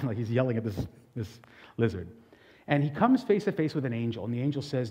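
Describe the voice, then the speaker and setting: Man, pastor, sermon; warm, relaxed voice, earnest and chatty, long hall echo. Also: medium pitch, a little fast. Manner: earnest, conversational preaching with frequent restarts.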